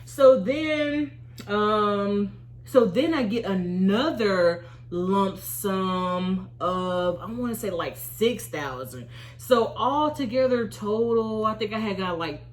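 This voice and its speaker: A woman in her thirties, an Army veteran, telling a storytime vlog in an animated, expressive way and acting out her own reactions. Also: mid-range voice, slow.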